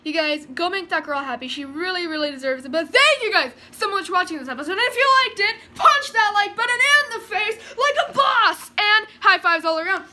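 A woman voicing an excitable young male gaming video host, shouting and gushing. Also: high voice, fast, hardly any pauses, a little hiss or hum. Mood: hyper.

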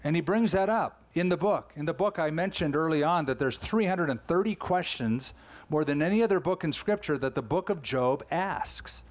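A man's voice: on the high side, normal speed. Emphatic man preaching a sermon. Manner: emphatic, conversational preaching with rhetorical questions. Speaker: pastor.

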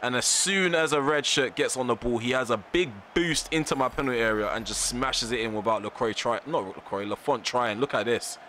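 A man's voice: mid-range voice, brisk, few pauses, pushed and bright, a little hiss or hum. A man commentating live over his football video game, ranting in frustration and repeating himself in slangy phrases. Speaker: gaming YouTuber.

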